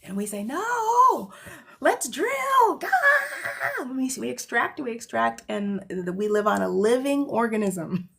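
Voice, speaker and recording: A woman hosting a casual livestream monologue, rambling and emphatic, tagging lines with "okay?" and swinging between loud bursts and hushed asides. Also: mid-range voice, normal speed, gravelly. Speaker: host.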